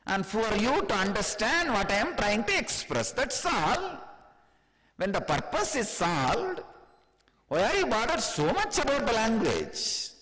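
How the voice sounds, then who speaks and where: Indian man, spiritual teacher, high voice, chuckling discourse, long hall reverb. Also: unhurried. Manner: chuckles often, teasing and animated.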